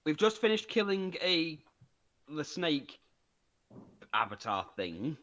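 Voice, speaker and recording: A man's voice: a little high, sing-song, takes it slowly, a bit bright, lo-fi sound. A man playing a tabletop game who chats casually and jokes and laughs often. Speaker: player.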